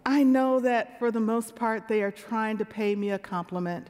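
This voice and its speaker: In a church with long, large-hall reverb, a sixty-something woman preaches conversationally to her congregation. Her voice is fairly high and a little mellow, at a normal speed.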